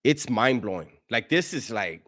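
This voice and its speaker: A man's voice: medium pitch, very animated, normal speed, pushed and bright. A man hosting a casual livestream, reading chat messages in a slangy way, laughing often and stumbling over his words.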